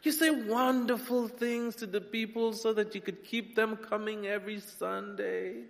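Humorous preacher in a reverberant hall. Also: male voice, high-pitched, measured pace, vocal fry, few pauses. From Nigeria. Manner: humorous, animated, swings between loud and soft. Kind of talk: sermon.

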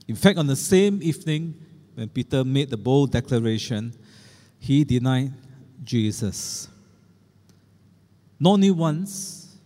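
A man's voice: mid-range voice, dark tone. A middle-aged man preaching a sermon as pastor, earnest and emphatic as he quotes scripture. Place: church. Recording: long church reverb.

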